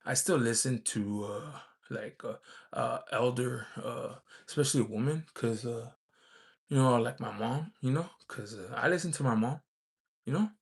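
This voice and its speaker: Casting note: a man with a gravelly, rough voice, rambling casual storyteller. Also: medium pitch, moderate pace. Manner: rambling, many fillers and restarts. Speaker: vlogger.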